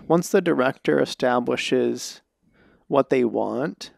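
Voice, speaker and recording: Podcast host, male script supervisor; gravelly mid-range voice, thinks aloud in casual talk. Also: mid-range voice, slow, no echo, studio quality. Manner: thoughtful, explains at length with restarts. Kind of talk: casual conversation.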